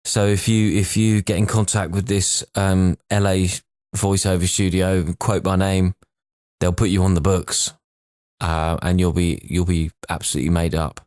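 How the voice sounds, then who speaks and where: Man, very low voice, rambling anecdotal podcast chatter, dry close mic. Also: little pitch movement, moderate pace, darkish tone, no room sound. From England. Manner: chatty, rambling storyteller who laughs along. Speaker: podcast co-host and impressionist. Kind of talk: casual chat, telling an anecdote.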